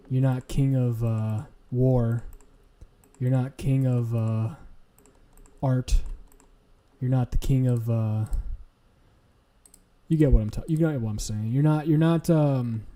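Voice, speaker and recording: A man's voice: medium pitch, mellow. A man streaming, ranting casually in a profane, blunt, lecturing way.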